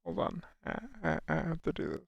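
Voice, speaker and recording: Young man, gravelly fry, very lively pitch, casual live-stream chat, reads chat questions aloud, stumbles and restarts. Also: brisk, dull audio. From United States. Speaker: livestreamer.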